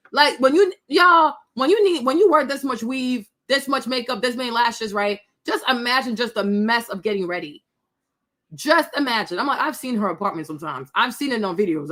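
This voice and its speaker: A high-voiced woman talking casually over clips she's reacting to. She is blunt and mocking, laughing often as she picks apart what she sees. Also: a bit bright. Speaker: commentator reacting to online videos.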